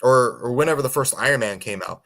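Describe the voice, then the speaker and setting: A man's voice: mid-range voice, fast talker, a bit bright. A man co-hosting a casual movie review chat, often stammering on restarts. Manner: stammering restarts, laughs easily. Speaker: co-host.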